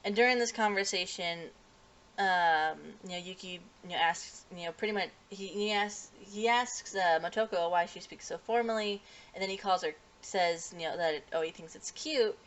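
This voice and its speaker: A woman's voice: on the low side, moderate pace, fairly bright tone. A woman casually recapping a show's episode, rambling with many fillers and restarts. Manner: acts out characters' lines in livelier voices. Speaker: anime reviewer.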